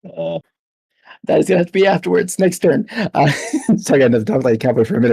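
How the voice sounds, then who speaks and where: A man playing a tabletop role-playing game, chatty and laughing often, lifting his pitch when he speaks in character. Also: expressive, fast talker, gravelly, a little mellow, husky, no echo. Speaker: player.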